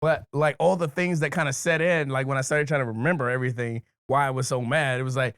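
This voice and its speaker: A man co-hosting a podcast, telling a story in casual chat, animated, laughing often and swearing a lot. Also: mid-range voice, fast, clean tone, dry recording, studio quality. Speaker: podcast co-host.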